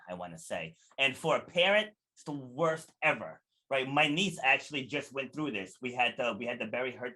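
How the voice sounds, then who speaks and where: Podcast guest, male; bright, husky tone, earnest, coach-like storytelling. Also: medium pitch. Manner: earnest and motivational, acts out quoted dialogue. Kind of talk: casual interview storytelling.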